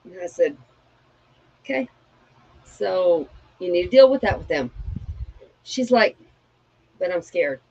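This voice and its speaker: Husky woman co-host, frank advice-giving chat, kinda muffled lo-fi sound. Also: fairly low pitch, lively intonation, slow, pauses often, darkish tone. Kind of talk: candid personal chat.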